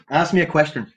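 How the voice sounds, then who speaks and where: A man's voice: on the high side, fairly bright tone, slightly rough. A young man chatting on a podcast with slangy, swearing, jokey banter. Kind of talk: casual podcast chat.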